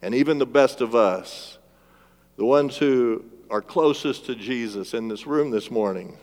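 Man, pastor, sermon, loud emphasis and hushed drawn-out phrases, medium pitch, long church-hall reverb. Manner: asks the congregation for responses. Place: church sanctuary.

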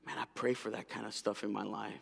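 A middle-aged man preaching a sermon as a pastor, an animated storyteller whose lively delivery drops to hushed intensity. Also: lowish voice, fast, vocal fry. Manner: animated storyteller, acting out voices. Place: large church hall. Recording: long hall reverb.

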